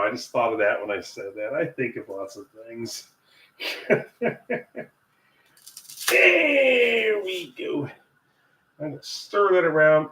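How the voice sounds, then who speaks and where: A man's voice: medium pitch, fairly bright tone, distant mic. Rambling American man cooking in an echoey kitchen. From United States. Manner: rambling, chatty asides with chuckles. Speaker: cooking vlogger and English teacher. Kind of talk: casual cooking livestream chat. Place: home kitchen. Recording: echoey kitchen with faint ambient noise.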